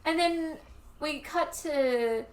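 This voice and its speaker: A woman's voice: sits high, slow pace, reverberant. A young Australian woman co-hosting a podcast, chatting casually and retelling film scenes. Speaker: podcast co-host. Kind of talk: casual chat.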